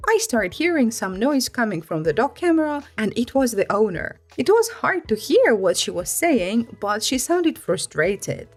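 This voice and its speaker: A woman reading online stories aloud in an expressive, lively storytelling manner. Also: a little high, moderate pace, hardly any pauses, faint music behind. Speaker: story reader.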